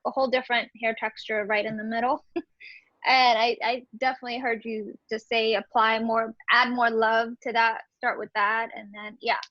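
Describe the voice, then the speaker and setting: A woman's voice: a little high, flat delivery, no room sound, highs cut off. Eager woman caller on a video call. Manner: eager, agreeable, quick to say okay. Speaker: caller asking for hair advice. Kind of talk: casual video call chat.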